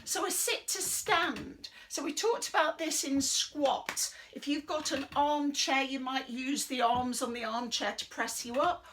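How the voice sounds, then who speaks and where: A middle-aged British woman leading a chair exercise class in a chatty, rambling, encouraging way, breathing deeply and a little out of breath. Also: a little slow, few pauses, fairly bright tone, a little hiss or hum. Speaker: fitness instructor. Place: indoors under a big light.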